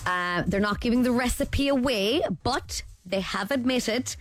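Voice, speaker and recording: A woman's voice: a little high, measured pace, soft background music. An Irish woman co-hosting a radio show, chatting casually and teasing with a laugh. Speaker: radio co-host.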